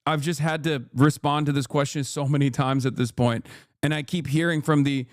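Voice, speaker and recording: A man's voice: fairly high pitch, fairly even intonation, normal speed, no echo, clean studio sound. A man in his thirties giving heated, profane political commentary to his chat on a livestream. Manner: ranting, profane, emphatic. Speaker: political streamer.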